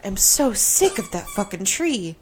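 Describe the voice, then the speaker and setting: A woman's voice: mid-range voice, big pitch swings, a little slow, slight background noise. A woman co-hosting a podcast in casual chat, swearing and laughing often. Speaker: podcast co-host.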